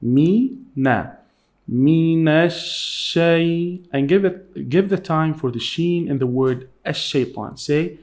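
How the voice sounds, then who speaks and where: A man's voice: on the high side, moderate pace, few pauses, a little mellow. A man coaching Quran recitation, demonstrating each word and firmly correcting how it should not be said.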